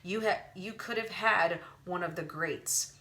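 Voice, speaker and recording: A woman doing a sly male trickster with a low, slow, hissing delivery that drags out each coaxing word. The voice is lowered and unhurried, and the tone stays bright and sharp. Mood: dark.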